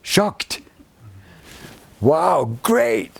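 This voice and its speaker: An older man giving a spiritual talk to a retreat group, expressive and effusive, teasing his listeners fondly. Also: a little high, drawn-out words, gravelly, slightly rough. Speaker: spiritual teacher.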